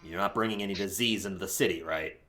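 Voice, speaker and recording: A man's voice: deep voice, fast talker, crowd noise, natural voice. A man voicing a wary male city gate guard who questions travelers in a tabletop game. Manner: suspicious, questioning.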